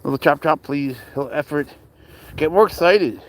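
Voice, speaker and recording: Outdoors, a young Spanish man with a rather high voice films his cat and playfully coaxes and cheers it on. He talks to his pet casually at a normal speed.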